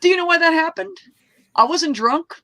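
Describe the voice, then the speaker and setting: A woman telling a personal story at an open mic, animated, swearing freely and laughing mid-story as she acts out the people in it. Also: extremely high pitch, moderate pace, no room sound. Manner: acts out quoted voices. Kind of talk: casual storytelling.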